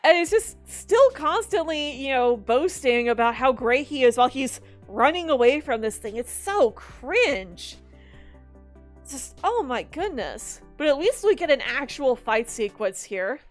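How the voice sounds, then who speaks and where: A woman giving casual movie commentary in an animated, exasperated, rambling way. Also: high voice, a little slow, faint music behind. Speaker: video commentator.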